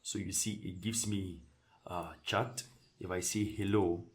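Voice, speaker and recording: Man, very low voice, easygoing screen-share tutorial delivery, thinks aloud with restarts. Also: a little slow. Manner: relaxed, thinks aloud with restarts while clicking through settings. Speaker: tutorial presenter.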